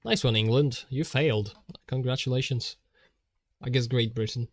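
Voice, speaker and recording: A man's voice: medium pitch, fairly even intonation, moderate pace. A man streaming while he draws, rambling in a jokey way and often laughing.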